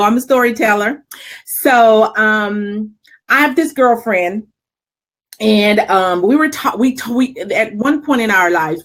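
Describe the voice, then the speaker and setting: Lively storytelling woman co-host. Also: mid-range voice. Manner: animated storyteller, laughs often. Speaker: talk show co-host. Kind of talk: casual chat and personal storytelling.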